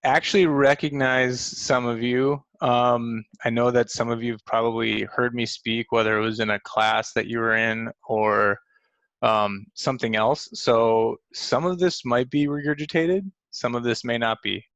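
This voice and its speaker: A man's voice: mid-range voice, steady tone, moderate pace, a bit bright, no echo. Man, late thirties, from North Dakota, groggy morning voice, casual rambling webinar talk, dry close audio. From Fargo, North Dakota. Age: late 30s. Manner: chatty, rambling with many fillers and restarts. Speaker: senior manager presenting a webinar. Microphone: video call.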